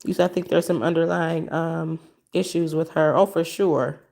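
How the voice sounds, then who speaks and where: A woman with a somewhat low voice talks to her livestream chat from home, walking around with her phone in her hand. She is emotional and expressive, calls her viewers y'all, and slides into preaching. She grew up in Michigan. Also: moderate pace, creaky. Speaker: livestream host. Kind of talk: casual livestream commentary to a chat. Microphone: phone held in hand.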